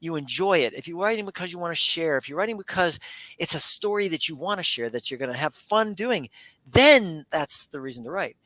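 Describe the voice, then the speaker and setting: A middle-aged man hosting a radio interview in a casual, animated way, often repeating words and acting out quotes. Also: a little high, fairly quick, dry recording. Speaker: radio show host.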